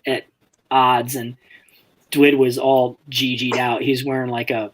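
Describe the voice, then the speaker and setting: A man on a podcast tells loose, profane stories and laughs between them, at an average pitch for a man. Faint hiss sits under his voice. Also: little pitch movement, unhurried, poor audio. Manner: profane, rambling, laughs while telling stories. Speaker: podcast co-host. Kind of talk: casual storytelling chat. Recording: faint background noise.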